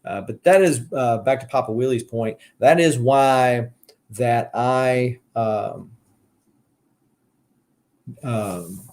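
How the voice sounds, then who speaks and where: A man's voice: lowish voice, a little mellow. A man with a Southern US accent hosting a casual live stream, rambling with many fillers and restarts as he answers viewer comments. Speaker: collector channel host.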